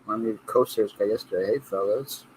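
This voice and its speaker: A man's voice: on the low side, a little fast, darkish tone, slight background noise, low-quality recording. A man hosting a casual reselling livestream, who reads viewer comments aloud and laughs often. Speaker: livestream host.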